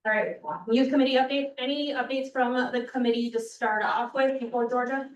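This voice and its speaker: A woman's voice: high-pitched, steady tone, brisk, lo-fi sound. Woman announcing club business in a roomy hall. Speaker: club meeting leader. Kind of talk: meeting announcements. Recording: echoey room, distant mic.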